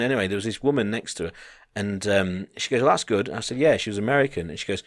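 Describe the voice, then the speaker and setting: Podcast co-host, male, low pitch, dry mic; lively storyteller who swears and acts out the people in his story. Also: fast, no room sound. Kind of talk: casual storytelling chat.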